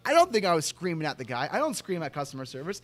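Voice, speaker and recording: Young male podcast host, casual storyteller, swears freely, higher voice. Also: rapid-fire. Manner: animated, exasperated, swears freely.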